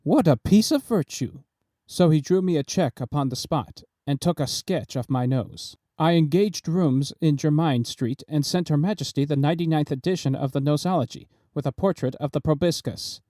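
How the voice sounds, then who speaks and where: Male audiobook narrator, mellow and slightly high, measured theatrical read. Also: no room sound, studio quality. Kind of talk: scripted storybook narration.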